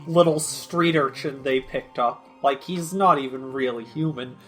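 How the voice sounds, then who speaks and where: A young adult co-host in casual commentary chat, rambling with lots of fillers and sudden animated leaps in pitch. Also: unhurried, faint music behind.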